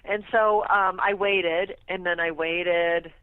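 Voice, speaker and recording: A woman tells her story as a guest on a radio talk show, animated and quick to laugh. Her voice comes through a tinny, phone-like line with no room sound around it. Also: fairly low pitch, smooth, dry recording. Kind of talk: casual storytelling interview.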